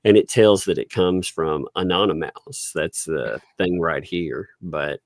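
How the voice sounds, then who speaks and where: A man's voice: low-pitched, measured pace, no room sound, clean studio sound. A man hosting a casual livestream commentary, chatty and laughing often as he talks. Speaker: livestream host.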